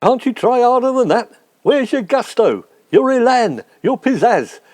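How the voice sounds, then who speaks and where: A man's voice: very high voice, sing-song, measured pace, darkish tone, no room sound, heavily acted. A man voicing an exasperated, blustering middle-aged man, indignant and sarcastic, in a comic sketch impression.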